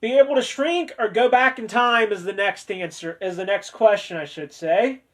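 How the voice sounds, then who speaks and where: A man's voice: high voice, normal speed. A man hosting a casual discussion, chatty and joking with playful sarcasm, turning sincere and sentimental when speaking of family. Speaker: host of a discussion video. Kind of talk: casual chat.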